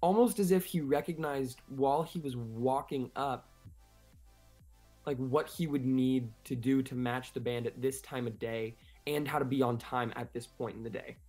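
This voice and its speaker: A man's voice: mid-range voice, fairly even intonation, darkish tone, soft background music. A man narrating an improvised tabletop game as game master, rambling with many fillers. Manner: rambling, filler-heavy, fast.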